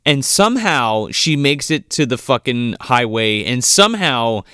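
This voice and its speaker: A man's voice: medium pitch, very animated, measured pace, pushed and bright, clear, resonant tone, dry recording, studio quality. A man co-hosting a casual movie podcast, retelling scenes in a rambling, profane way. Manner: profane, rambling retelling with mocking quoted voices. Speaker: podcast co-host. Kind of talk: casual movie review chat.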